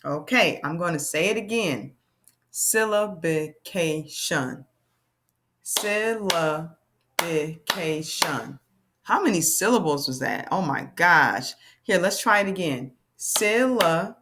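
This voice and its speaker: A woman with a fairly low voice leads a children's reading lesson. She is lively and playful, and she slows right down to stress the key words for young learners. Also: slight background noise. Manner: animated, playful, speaks slowly on key words. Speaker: teacher.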